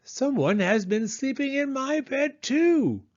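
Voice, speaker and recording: A man's voice: very high voice, animated, slow, muffled recording, pitched above the performer's own voice, full character voice. A man voicing a huffy mama polar bear in a storybook reading.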